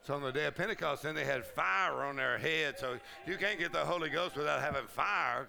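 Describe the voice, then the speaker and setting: A man preaching a sermon at a conference, exuberant, often laughing and shouting out. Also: fairly high pitch, fairly quick, gravelly, few pauses. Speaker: pastor. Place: conference hall. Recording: crowd heard in a hall.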